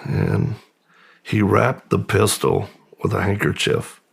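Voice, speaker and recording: A middle-aged man speaks as an interview guest, slow and halting, often pausing and restarting. His voice sits very low and is deeply gravelly. It is husky throughout. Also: big pitch swings. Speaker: podcast guest. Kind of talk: personal testimony in a long-form interview.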